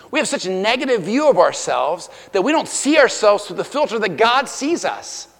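A high-voiced man in his forties delivers a sermon with emphatic preaching, rising to loud declarations and dropping to near-hushed lines. His voice rings out with a long hall reverb behind it, as in a church auditorium. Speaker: pastor.

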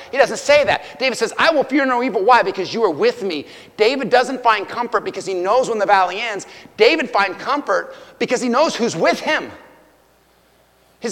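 A man in his forties preaching a sermon in a church, emphatic and swinging between loud declarations and hushed stretches. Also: high voice, animated, moderate pace. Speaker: pastor. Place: church auditorium. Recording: long hall reverb.

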